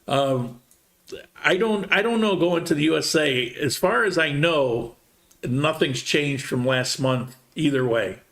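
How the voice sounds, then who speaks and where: Relaxed man hosting a live Q&A. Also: a little high, unhurried, vocal fry. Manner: relaxed, rambling, reads viewer comments aloud. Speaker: livestream host answering viewer questions. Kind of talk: casual live Q&A chat.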